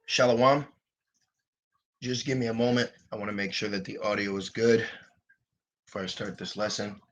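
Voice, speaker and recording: A man's voice: fairly low pitch, fairly even intonation, moderate pace. A man giving a livestreamed scripture lesson from his computer, hesitating often with fillers and checking in with listeners. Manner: frequent "okay" and "all right" check-ins with listeners. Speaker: religious teacher.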